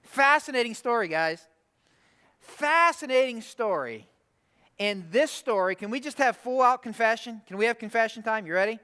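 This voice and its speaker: A man preaching a conversational sermon, animated, often asking the room rhetorical questions. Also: very high-pitched, normal speed, clear, resonant tone. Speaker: pastor. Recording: long hall reverb.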